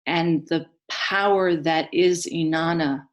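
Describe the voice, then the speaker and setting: Slow hushed woman telling a myth. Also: deep voice, fairly even intonation. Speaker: storyteller. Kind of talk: mythic storytelling.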